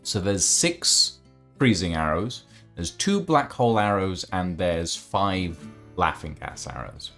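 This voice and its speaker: A man doing a gleeful old arrow merchant in a drifting, put-on accent. The voice rides far above his own pitch and swoops wildly. He lingers slowly over each word, savouring every item he sells. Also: expressive, creaky, fairly bright tone, faint music behind, exaggerated voice. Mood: haggling. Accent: wobbly put-on accent of no fixed place. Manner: drawn-out, sing-song, relishing his wares.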